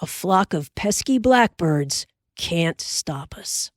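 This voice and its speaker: This is a steady frontier father from a storybook who speaks in a hearty, reassuring way. A woman narrator reads him close to her own low voice, in a dry recording. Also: slow, no room sound.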